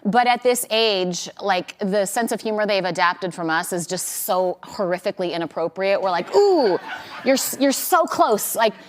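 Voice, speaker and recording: A woman's voice: mid-range voice, normal speed, few pauses. A woman guest on a talk show, speaking candidly and laughing about being a parent. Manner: candid, laughing, self-deprecating. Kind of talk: casual interview chat.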